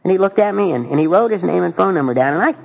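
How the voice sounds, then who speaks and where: Man with a raspy, somewhat high voice, candidly sharing his story at a recovery meeting. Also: expressive, racing, darkish tone, lo-fi sound. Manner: earnest, folksy, candid. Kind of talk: personal storytelling talk.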